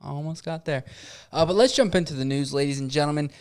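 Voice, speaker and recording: A man's voice: fairly high pitch, quick pace, smooth. A man co-hosting a casual sports podcast, upbeat and chatty, laughing easily with his co-host.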